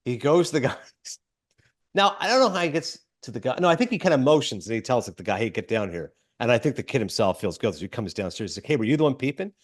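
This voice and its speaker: A man hosting a film podcast, casually retelling a movie plot with lots of fillers and quick quoted asides. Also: medium pitch, expressive. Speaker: podcast host.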